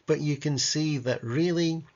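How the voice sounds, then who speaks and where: A man's voice: a little high, a little slow, a little mellow. A man giving casual, wry travel commentary over his photos, full of rambling asides. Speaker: travel guide vlogger. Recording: dull lo-fi audio.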